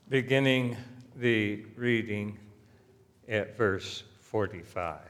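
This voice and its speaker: Male pastor for a sermon, fairly low voice, unhurried and measured delivery, with the long reverb of a church hall. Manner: slow, deliberate preaching that rises sharply when reading scripture aloud. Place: church sanctuary.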